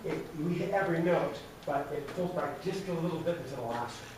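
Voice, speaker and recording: A man's voice: a little high, fairly quick, background noise. A man coaching a choir through a rehearsal, encouraging the singers and singing lines to show how they go. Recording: echoey room from far off, with singing.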